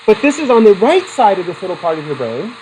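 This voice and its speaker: Lecturing a psychology class, this middle-aged man talks fast in a high-sitting voice and brings the students in with questions and stories from his own life. His animated delivery comes through poor audio with slight background noise.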